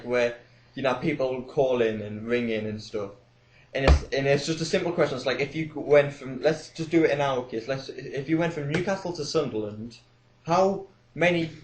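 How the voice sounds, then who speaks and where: A man's voice: mid-range voice, reverberant, a little hiss or hum. A young man chatting casually and telling a funny story on a podcast. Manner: storytelling, giggly. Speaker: podcast co-host. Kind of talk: casual chat.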